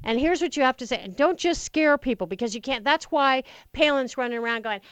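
A woman's voice: fairly high pitch, lively intonation, fast talker, hardly any pauses, no echo. A woman hosting political call-in talk radio from a studio, passionate and rambling, often restarting her sentences. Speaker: fill-in talk radio host. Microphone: studio microphone.

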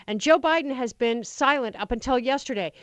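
This fill-in talk radio host has a high, fairly bright voice and talks a little fast on a studio mic with no echo. Hosting political call-in radio, she rambles passionately and often starts her sentences over.

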